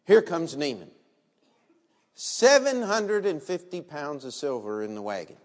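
A pastor with a slightly high, very animated voice delivers a sermon at a somewhat slow pace, telling the story vividly and putting rhetorical questions to the congregation. Long reverb fills the large hall where it was recorded.

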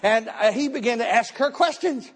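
A man preaching a testimony sermon at a live church service, telling his story with animated bursts of shouting. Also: extremely high pitch, moderate pace. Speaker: pastor. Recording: long reverb of a church hall.

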